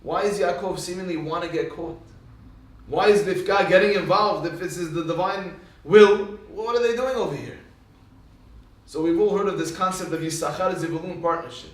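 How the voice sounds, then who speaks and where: High-voiced man teaching in an echoey hall. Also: normal speed. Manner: animated, swings into sudden emphatic rises. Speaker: Torah teacher. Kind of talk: storytelling Torah lecture. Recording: very echoey room, mic far off.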